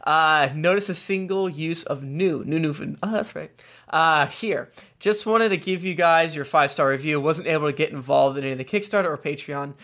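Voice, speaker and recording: A man's voice: fairly high pitch, brisk, a bit bright. Joking man reading reviews aloud. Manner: jokey, stumbling, laughing asides. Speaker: podcast co-host reading listener reviews. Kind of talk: casual chat.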